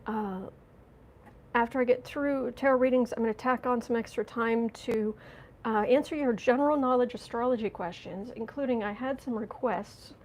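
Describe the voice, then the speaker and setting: Female host, American, rambling live-stream chat, slightly high voice, congested, frequent throat clearing. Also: a little mellow, poor audio. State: runny nose and watery eyes after a coughing fit. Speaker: astrology and tarot channel host.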